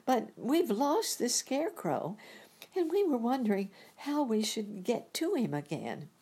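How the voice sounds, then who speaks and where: A woman voicing an eager, polite young girl in a storybook reading, with a husky voice. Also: a little high, big pitch swings, a little slow, dark tone, voice pushed up, full character voice. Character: earnest brave young girl.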